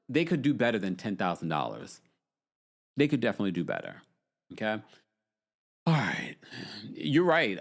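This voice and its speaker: A male host running a live stream, his voice swinging up and down as he reads viewer comments. He talks with a sassy, teasing edge and laughs between remarks. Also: mid-range voice. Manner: animated, sassy, laughing asides. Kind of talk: live-stream chat reading fan comments.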